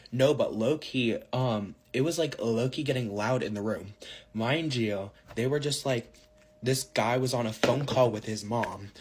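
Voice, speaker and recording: Man, casual storytime vlog, slangy, rambling, lots of fillers, middle pitch. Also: a little hiss or hum. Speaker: social media storyteller.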